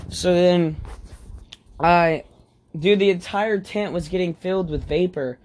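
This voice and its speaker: A young man co-hosting a podcast at home, tipsy, rambling and crude in casual chat. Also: high voice. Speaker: podcast co-host.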